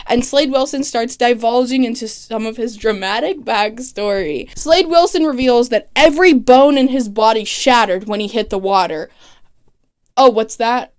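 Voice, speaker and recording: A TV recap vlogger with a slightly high voice runs through a series in casual chat. She's animated and sarcastic, swears freely, and mimics characters in quick asides.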